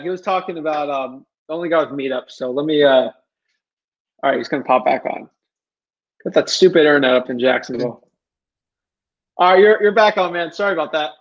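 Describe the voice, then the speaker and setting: A man hosting a live stream over a video call, speaking in a relaxed, casual way. His voice sits a little high. The audio is dull and lo-fi. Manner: casual, relaxed, apologetic about tech trouble. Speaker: host.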